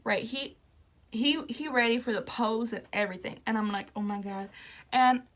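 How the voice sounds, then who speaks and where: A woman's voice: on the high side, vocal fry. A young woman vlogger casually recounting a story, laughing often and acting out the people she quotes. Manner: animated, laughing, acts out quoted voices.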